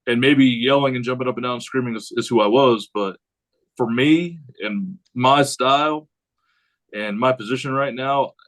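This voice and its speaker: A man who is a high school head football coach, talking casually on a podcast in a rambling way and acting out what he says to players. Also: moderate pace, poor audio. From United States. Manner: rambling, animated, acts out quotes of himself.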